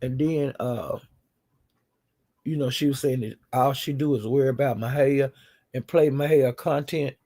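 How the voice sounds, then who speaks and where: Gravelly-voiced man dishing gossip. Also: medium pitch, measured pace, mellow. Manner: chatty, blunt gossiping retelling. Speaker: host recapping livestream drama. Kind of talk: casual gossip chat.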